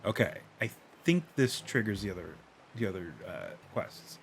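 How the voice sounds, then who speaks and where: A young man chats playfully while he plays a game. His pitch is lively, and he keeps up a running, casual commentary. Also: moderate pace, creaky, soft background music. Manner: playful, chatty, talks to his cat. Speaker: game streamer.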